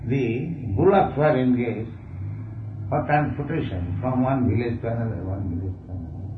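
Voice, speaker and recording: Slow halting man, tinny echoey old tape. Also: medium pitch. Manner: slow, halting, with repeated words. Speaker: spiritual teacher in conversation. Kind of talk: conversation, explaining scripture. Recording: tinny, echoey, distant, with faint hiss.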